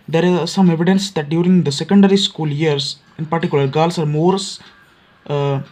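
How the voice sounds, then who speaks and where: Male teacher, Odia English accent, slightly high voice, explanatory lecture pace with hesitant fillers. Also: darkish tone. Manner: frequent fillers and restarts, repeats key points. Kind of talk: explanatory lecture for exam students.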